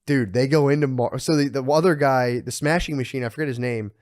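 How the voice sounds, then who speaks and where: A young man co-hosting a podcast, telling profane, animated stories in casual chat and bursting into laughter. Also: mid-range voice, fairly quick. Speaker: podcast co-host.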